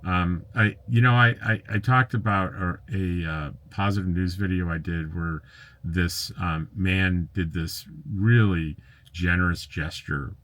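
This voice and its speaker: A man's voice: low voice, measured pace, a bit bright. A man vlogging from his RV camp, reading viewer comments in a casual, rambling way with chuckling asides. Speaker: RV travel vlogger. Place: RV camp in the desert.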